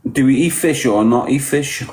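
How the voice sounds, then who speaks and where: A man's voice: medium pitch, normal speed, darkish tone, roomy sound, poor audio. A man with a Liverpool accent chatting casually on a livestream, greeting viewers and teasing them bluntly with heavy swearing. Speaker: livestreamer reading viewer comments.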